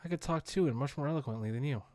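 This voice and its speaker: A man's voice: mid-range voice, very fast, dark tone, lightly acted. A man voicing a boastful, petty male tyrant king while reading a comic aloud, pompous and dismissive.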